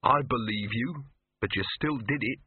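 A man's voice: mid-range voice, moderate pace, slightly rough, no room sound. A man voicing an earnest, anxious young man who speaks in an encouraging way, in a storybook reading. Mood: reassuring. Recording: tinny lo-fi dry audio.

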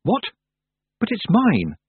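A flustered young witch girl speaks up in a raised, halting voice, as a male reader puts her on. The tone is husky and lively in pitch, with a dry, narrow, phone-like sound. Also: dry recording, exaggerated voice. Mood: protesting. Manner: raised, hesitant girlish voice.

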